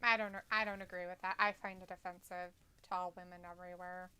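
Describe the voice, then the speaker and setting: A woman's voice: on the low side, level tone, fast, pushed and bright, smooth. A young woman co-hosting a casual wrestling live stream, playful and bubbly, teasing her chat.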